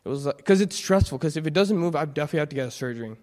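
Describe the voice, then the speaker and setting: A young man giving an earnest, halting personal testimony in church, full of restarts. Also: fairly high pitch, lively intonation, darkish tone. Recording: long hall reverb.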